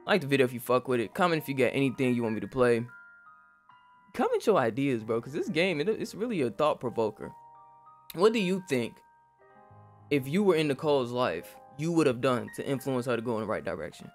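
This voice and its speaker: A man's voice: mid-range voice, very animated, a little fast, faint music behind. A young man in casual commentary, reacting to a game in an emotional, profane way. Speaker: gaming YouTuber.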